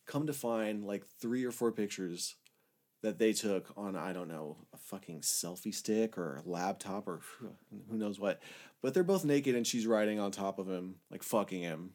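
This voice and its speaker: Man, lowish voice, casual rambling storyteller, candid and profane, swings from loud bursts to quiet mutters. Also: normal speed. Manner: rambling, candid, heavy swearing, frequent "like" fillers; shifts between loud outbursts and low mutters. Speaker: storyteller recounting his own past.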